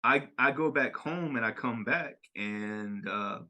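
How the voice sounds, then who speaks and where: A young man with a Louisiana Cajun accent rambles through stories in a casual podcast chat. His voice is bright and forceful, and he breaks into laughter often. He sits at a middle pitch for a man. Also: slow. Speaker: podcast host.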